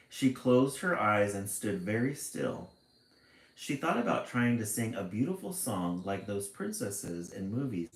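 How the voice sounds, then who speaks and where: Slow, expressive man reading a storybook. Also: lowish voice, reverberant, low-quality recording. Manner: expressive, chatty asides between passages. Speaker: storytime reader. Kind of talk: children's book read-aloud with asides.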